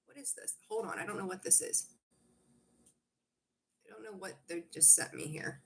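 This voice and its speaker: A woman's voice: medium pitch, moderate pace, gravelly, fairly bright tone, slight background noise. Woman, tarot livestream host, casual chat, chatty and rambling, full of ums. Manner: chatty, rambling, reads out viewer comments; frequent fillers and self-corrections. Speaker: tarot reader hosting a livestream.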